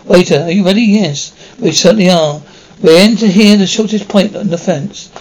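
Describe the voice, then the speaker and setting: A man flatly reading out a film script, stage directions and every character's lines alike, without acting them. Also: sits high, normal speed, poor audio. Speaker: script reader. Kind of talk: flat reading of a screenplay, stage directions included.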